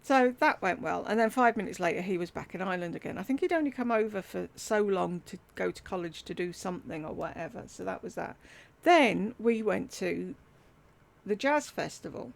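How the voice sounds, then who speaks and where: A woman's voice: medium pitch, animated, normal speed, creaky. A middle-aged woman, candidly telling a personal family story with wry humour and the odd swear word. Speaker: YouTuber telling a life story. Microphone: desktop USB mic.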